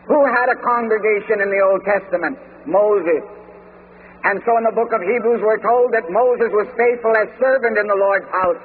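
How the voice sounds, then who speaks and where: Man preaching on a tinny old tape. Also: sits high. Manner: measured, emphatic preaching with scripture quotes. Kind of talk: sermon. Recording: tinny lo-fi sermon tape in a reverberant hall with faint noise.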